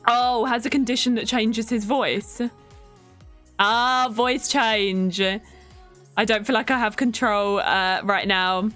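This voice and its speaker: A woman's voice: fairly high pitch, fairly even intonation, slow, a bit bright. Chatty woman streamer. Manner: chatty, thanks viewers by name, reacts aloud to the game. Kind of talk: casual live-stream chat while playing. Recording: faint music behind.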